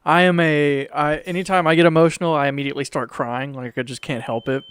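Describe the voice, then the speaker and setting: Chatty Southern man, slightly high voice. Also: fairly even intonation, quick pace, fairly bright tone, clear, resonant tone, no room sound, poor audio. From Mississippi. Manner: chatty, laughs often, reads on-screen text aloud. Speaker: horror reaction streamer. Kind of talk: casual live reaction chat.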